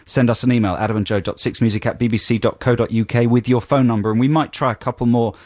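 Man, radio co-host, dry brief quips, mid pitch, very dry close sound. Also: fairly even intonation, quick pace, darkish tone, dry recording. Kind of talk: casual radio chat. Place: radio studio. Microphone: close studio microphone.

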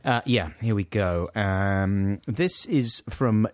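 Man, podcast co-host, lively pitch, dry close sound, chatty and playful. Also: slow, hardly any pauses, no room sound. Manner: playful, chatty, laughs often. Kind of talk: casual chat.

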